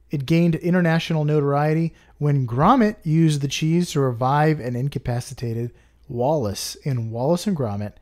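A man with a slightly high voice co-hosts a casual podcast. He leads the talk with facts and figures and keeps it informal. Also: darkish tone. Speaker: podcast co-host. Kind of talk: casual chat, presenting facts.

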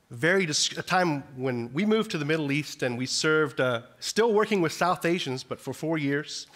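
A man's voice: a little high, fairly bright tone. A man, a missionary, giving an earnest chapel sermon with frequent restarts. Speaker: missionary speaker.

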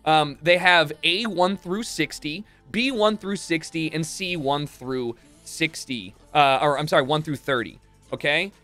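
A man streamer telling a long story casually, swearing often and acting out what people said with big jumps in pitch. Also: measured pace, soft background music. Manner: animated, profane, acts out quotes with big pitch jumps.

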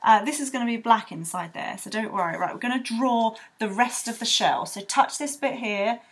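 A young woman with a fairly high, husky voice teaches kids to draw at a normal pace. As an art tutor giving a children's drawing tutorial, she's bubbly and rambling, adding playful sound effects.

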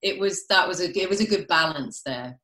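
A British woman in her thirties with a low voice, chatting easily and laughing often. She is heard over a video call from an echoey room. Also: a little fast, bright, forceful tone. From England. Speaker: guest actress. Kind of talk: casual chat. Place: home during quarantine, video call.

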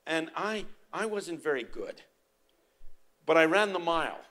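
An older man preaching a sermon, moving from quiet storytelling to loud, emphatic proclaiming. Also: on the high side, very animated, measured pace. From United States.

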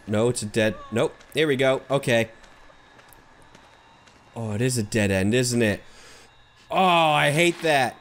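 A gaming video host gives sarcastic, joking let's play commentary on a horror game, talking back to the characters and yelping and swearing when startled. His mid-range voice is a bit bright and a little slow, with long pauses.

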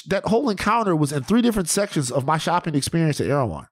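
Profane, rambling podcast host. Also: male voice, on the high side, big pitch swings, fast talker, no room sound, studio quality. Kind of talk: casual podcast chat.

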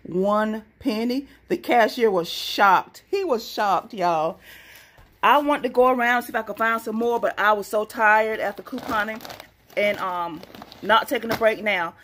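A woman chatting casually and excitably to her viewers about her coupon deals. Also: fairly high pitch, unhurried. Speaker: couponing vlogger. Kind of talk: casual deal-hunting vlog.

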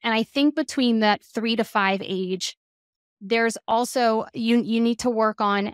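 A mother of two, a guest expert on children's emotions, talking casually in an interview with a lively, chatty manner and lots of "like". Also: mid-range voice, moderate pace, no room sound, clean studio sound. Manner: animated, acts out quoted voices, frequent "like". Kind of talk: conversational podcast interview.

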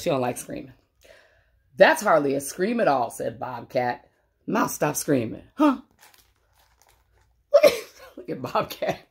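Playful woman reading a picture book. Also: low-pitched. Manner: playful, laughing, chatty asides to kids. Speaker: storybook reader for children.

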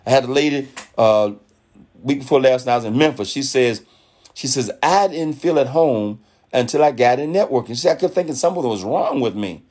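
A man giving a fired-up motivational talk to his network marketing team, preachy and animated, acting out other people's voices in quotes. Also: mid-range voice, a little fast. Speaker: network marketing leader speaking on a call.

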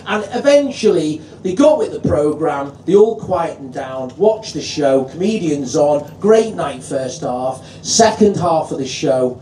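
Scouse stand-up compere, male, high bright-ish voice but mellow tone, heard from a distance in an echoey club. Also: lively intonation, measured pace, hardly any pauses. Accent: Liverpool. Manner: swearing, chatty, crowd-teasing. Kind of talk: stand-up comedy set. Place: live comedy venue.

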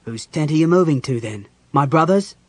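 A man doing a gruff big warrior. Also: on the high side, animated, normal speed, darkish tone, voice pushed up. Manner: gruff, growling. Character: big brooding male warrior general, possessive.

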